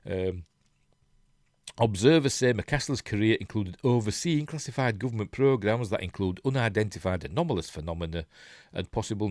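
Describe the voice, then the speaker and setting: Rambling low-voiced Yorkshire man. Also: a little mellow, no room sound, studio quality. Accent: Yorkshire English. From Yorkshire, England. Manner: rambling, chatty, reads aloud with frequent ums. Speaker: host reading news. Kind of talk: casual news read-through with asides.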